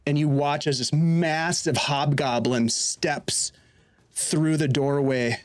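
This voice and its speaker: A man narrating a tabletop game as game master in a casual, halting way, often restarting his sentences. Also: on the high side, steady tone, no echo.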